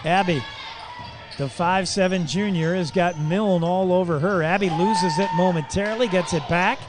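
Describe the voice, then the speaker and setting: A man calling a high school girls basketball game live on local radio, with quick, excitable calls that jump into shouts on big plays and folksy asides to listeners. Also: noisy background. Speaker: play-by-play announcer.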